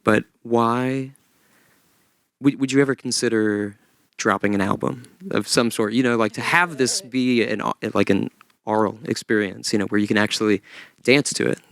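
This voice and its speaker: A man's voice: mid-range voice, fairly even intonation, moderate pace, creaky, fairly bright tone, no echo. A man in the audience asking a casual, friendly question, a little hesitant and full of fillers. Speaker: audience member. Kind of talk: question from the floor.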